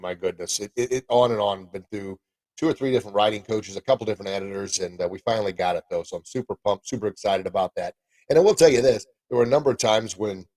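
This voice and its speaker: A man's voice: on the low side, a little mellow, no room sound, poor audio. A middle-aged man hosting a podcast and live stream in a casual, upbeat, rambling way, full of folksy exclamations. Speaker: podcast host and martial arts coach.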